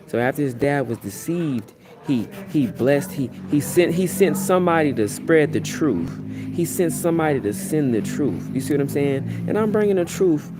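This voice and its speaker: A man's voice: a little high, lively intonation, normal speed, over music. A man preaching in a rambling live stream from a plane, often checking that listeners follow him. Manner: repetitive, keeps asking "you see what I'm saying". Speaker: self-styled high priest preaching online. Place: airplane cabin.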